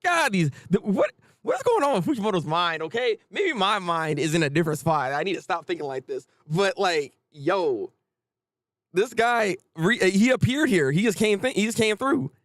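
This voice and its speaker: A man hosting a casual live manga reaction, chatty and animated, often restarting his sentences. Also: high voice, normal speed, no room sound.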